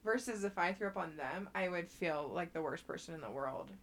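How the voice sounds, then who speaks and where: A woman's voice: lowish voice, expressive, a little fast. A young woman co-hosting a podcast, chatting casually in a teasing way and laughing easily. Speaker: podcast co-host. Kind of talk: casual chat.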